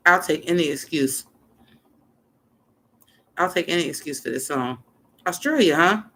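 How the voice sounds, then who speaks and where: A woman's voice: sits low, a little slow. A woman hosting a casual livestream, chatting loosely, swearing freely and reacting to songs as they play. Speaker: livestream host. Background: loud music playing.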